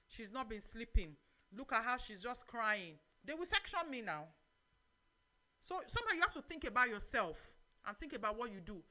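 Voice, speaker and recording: A middle-aged woman with a Nigerian accent hosting a live church talk show, preaching lively advice and reading out viewer comments. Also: fairly high pitch. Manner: lively, preachy, mixes in Nigerian Pidgin phrases.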